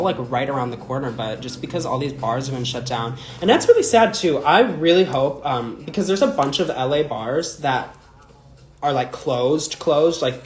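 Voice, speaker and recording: A young adult man chatting casually on a livestream as a drag performer, rambling and full of filler words while answering viewer comments. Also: medium pitch. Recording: echoey room with faint music.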